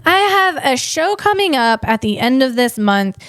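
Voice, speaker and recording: This is a woman's high-pitched, sing-song voice, a bit bright and unhurried, with no echo. She's a stand-up comedian hosting her own podcast, talking solo and casually while she rambles, teases and rants jokily, restarting a lot.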